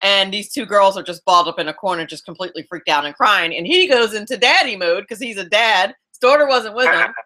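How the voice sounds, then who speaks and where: A woman hosting a radio talk show, chatting with a guest in a relaxed, talkative way with frequent restarts. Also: medium pitch, a little fast, hardly any pauses. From South Jersey, US. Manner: warm chatty storyteller, many restarts, laughs easily. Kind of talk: casual radio interview chat.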